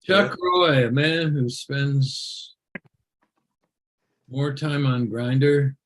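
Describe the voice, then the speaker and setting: A man's voice: mid-range voice, steady tone, drawn-out words, darkish tone. A man hosting a comedy show over a video call, roasting people with sarcastic jokes. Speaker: show host.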